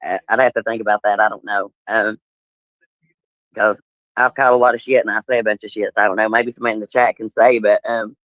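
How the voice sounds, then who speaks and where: A man's voice: fairly low pitch, flat delivery, fast talker, dry recording. A man chatting as a guest on a livestream, rambling and stumbling over his words, laughing easily and swearing. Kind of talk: casual livestream chat. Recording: dull lo-fi stream audio.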